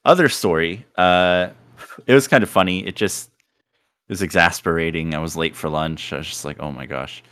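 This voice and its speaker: Laid-back male podcast host, low voice, dry close sound, easygoing storyteller. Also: moderate pace, a bit bright, no echo. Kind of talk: casual chat.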